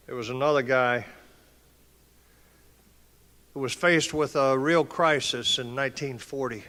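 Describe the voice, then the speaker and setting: An older man delivers an impassioned, preacher-like talk in a forceful, mid-pitched voice. His words echo around a large conference hall. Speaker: conference speaker. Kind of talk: motivational speech.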